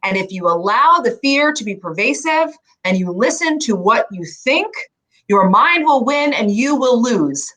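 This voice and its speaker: A woman's voice: fairly high pitch, sing-song, unhurried, sharp tone. Emphatic woman coaching through an exercise. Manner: emphatic, guiding, keeps checking in with "right?". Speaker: mindset coach. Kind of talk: energetic coaching conversation.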